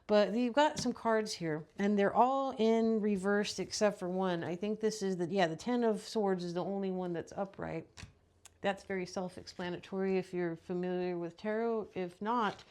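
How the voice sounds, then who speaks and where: A woman's voice: mid-range voice, normal speed, a little mellow. A woman hosting a podcast, giving a blunt, profane ranting monologue full of rhetorical questions. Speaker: podcast host.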